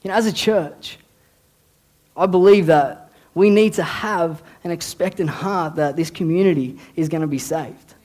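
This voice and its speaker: A man preaching to his church in an easy, conversational way. His voice sits a little high, and he often repeats words and restarts phrases as he builds each point. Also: a little slow, darkish tone. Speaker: youth pastor. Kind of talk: casual sermon.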